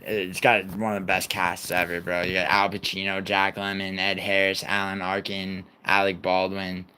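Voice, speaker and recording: A man in his twenties with a low-pitched, slightly bright, clean voice hosts a livestream. He rambles casually and profanely, answering his chat and apologizing to moderators.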